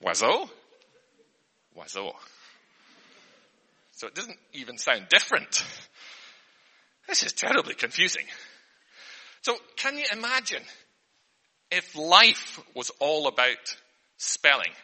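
A man's voice: fairly high pitch, very animated, takes it slowly, long pauses, bright, forceful tone. A man doing a comic spelling lesson for an audience, in an earnest teacher's patter, often flustered and breaking off mid-sentence. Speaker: comedian. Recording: long hall reverb.

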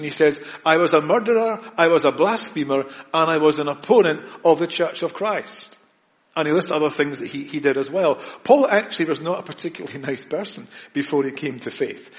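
Emphatic preacher in a reverberant hall. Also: male voice, a little high. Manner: earnest, emphatic preaching with pauses and repetitions. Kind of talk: sermon.

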